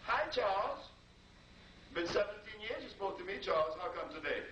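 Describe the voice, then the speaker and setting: Sassy wife voice, high and sing-song, knowing and teasing, put on by a man telling a story; distant, roomy, noisy recording. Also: lively intonation, normal speed. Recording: roomy and distant with background noise.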